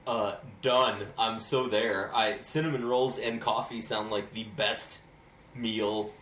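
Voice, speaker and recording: A man's voice: on the low side, steady tone, takes it slowly, fairly bright tone. A man from Texas, a podcast co-host, chatting casually and enthusiastically, often stammering through restarts. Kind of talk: casual chat. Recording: roomy echo with faint hiss.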